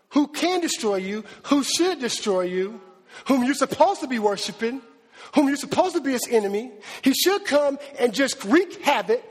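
Male preacher, very high voice, husky, emphatic and animated, long reverb. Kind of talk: sermon.

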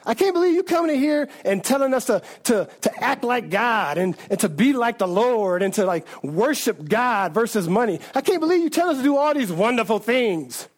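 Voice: medium pitch, big pitch swings, a little fast, hardly any pauses, pitched below the performer's own voice. A preacher putting on the voice of indignant temple leaders, scoffing and complaining over and over in a mocking, exasperated way.

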